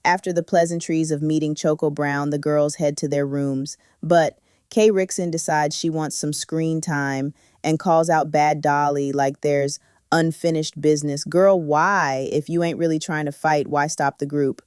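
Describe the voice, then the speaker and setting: Sassy low-voiced woman recapping gossip. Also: steady tone, measured pace, darkish tone, clean tone, dry recording, studio quality. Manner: sassy, gossipy, slang-heavy. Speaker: recap reviewer. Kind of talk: sassy reality-TV recap commentary.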